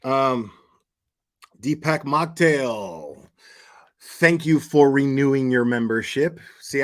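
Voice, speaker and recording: A man's voice: mid-range voice, normal speed. A man hosting his channel in casual livestream commentary, crude and profane, rambling with repeated restarts. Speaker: channel host.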